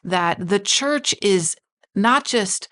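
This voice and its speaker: A woman with a medium-pitched, expressive, slightly bright voice speaks at a slow pace. As a pastor on a podcast, she discusses a Bible passage, reading the verses out loud and guiding the talk with questions.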